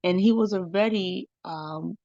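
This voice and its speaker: Low-voiced woman podcast host, chatty. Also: a little slow, mellow, no room sound, highs cut off. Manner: chatty, frequent "right?" and "you know". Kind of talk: casual storytelling monologue.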